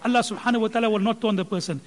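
Male preacher, very high register, impassioned, reverberant hall. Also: steady tone, rapid-fire. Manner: impassioned, rising in pitch and volume when quoting. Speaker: religious speaker explaining a scholar's teaching. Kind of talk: sermon.

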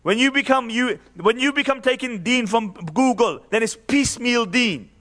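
A man's voice: very high-pitched, expressive, moderate pace, a bit bright. A man delivering an impassioned sermon, posing rhetorical questions and quoting Arabic verse. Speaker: preacher. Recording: reverberant hall.

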